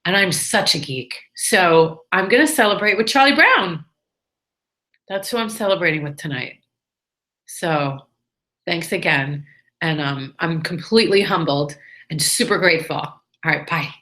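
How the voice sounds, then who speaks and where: A bubbly woman talks straight to camera in a casual vlog. Her voice sits a little low but sounds bright and forceful. She gushes and throws in jokey asides to the viewer. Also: lively intonation, a little slow. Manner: bubbly, gushing and chatty. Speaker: health and wellness editor.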